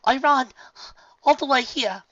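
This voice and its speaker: A man voicing a young colt, loud and eager. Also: high voice, fast, no room sound, muffled recording, voice pushed up. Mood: excited. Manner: shouting, eager. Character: loud excited young colt, breathless from running.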